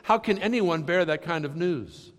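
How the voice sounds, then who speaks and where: A man pastor giving a sermon, earnest and questioning, often sinking to soft, low passages. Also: animated, normal speed. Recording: long hall reverb.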